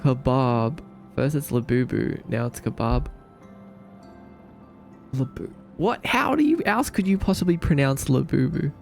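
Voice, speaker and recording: A man with a gravelly voice chats casually with his live-stream audience, reading their messages aloud and joking back at them. His voice sits at a middle pitch, and faint music plays in the background. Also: lively intonation, unhurried, long pauses, darkish tone. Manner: joking, reads and answers chat.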